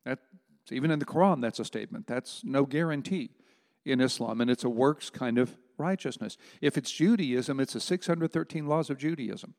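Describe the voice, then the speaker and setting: A man's voice: mid-range voice, normal speed, darkish tone. Emphatic preacher man in a reverberant hall. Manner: emphatic, conversational preaching with rhetorical asides. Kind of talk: sermon.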